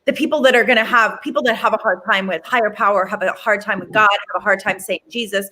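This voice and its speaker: A woman sharing in conversation, earnest and halting, with many restarts. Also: medium pitch, fairly even intonation, bright, forceful tone.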